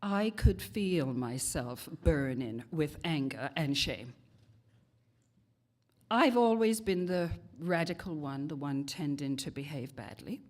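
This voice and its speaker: A woman in her sixties from England, giving a homily as a congregation member, telling a personal story in a slow, measured way. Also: deep voice, animated, a little mellow. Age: 60s.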